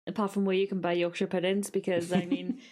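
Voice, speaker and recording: A woman's voice: on the low side, little pitch movement, a little mellow. Candid woman in her twenties. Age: 20s. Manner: halting and candid, many likes, laughs often. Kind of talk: casual chat.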